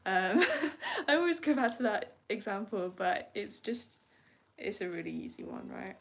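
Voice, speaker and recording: A woman's voice: mid-range voice, sing-song, measured pace. A young woman hosting a morning journaling live stream, chatty and upbeat, rambling a little with frequent laughs. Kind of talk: casual live-stream chat.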